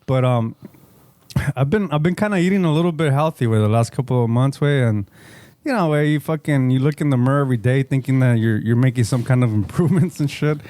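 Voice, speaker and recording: A man's voice: mid-range voice, quick pace, warm tone, no echo. A middle-aged man, co-hosting a podcast, telling a long story in a casual, profane, rambling way and slipping into Spanish. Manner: swears often, code-switches into Spanish, rambling storyteller. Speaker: podcast co-host.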